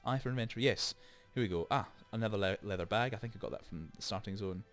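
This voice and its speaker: With soft music in the background, a man hosting a gaming channel talks through a let's play at his desk microphone, rambling and chatting with many asides. He is a fast talker with a lowish, somewhat bright voice.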